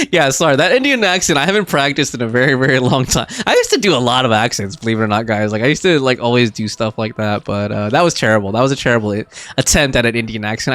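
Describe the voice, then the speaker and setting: Reading in-game text aloud and laughing a lot, a man chats casually with viewers during a live gaming stream. He has a medium-pitched, slightly bright voice recorded without echo.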